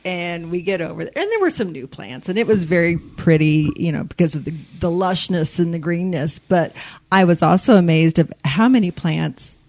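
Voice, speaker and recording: A woman's voice: fairly low pitch, animated, moderate pace, darkish tone, no echo. A woman co-hosting a radio garden show in the studio, chatty and amused. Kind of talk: casual radio chat.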